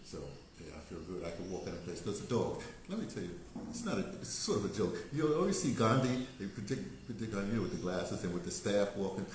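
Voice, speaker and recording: A man's voice: on the low side, animated, brisk, darkish tone, slight background noise. An older American man talking in a rambling, casual monologue, digressing and laughing often. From United States. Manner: digressive, laughing, many restarts. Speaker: vlogger. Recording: very echoey room.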